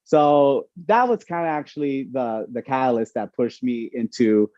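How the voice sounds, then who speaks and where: Animated male speaker with a mellow tone, on slightly dull, dry audio. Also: medium pitch, normal speed, dry recording. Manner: animated, chatty, lots of fillers. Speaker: incoming resident physician giving a talk. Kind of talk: casual storytelling talk.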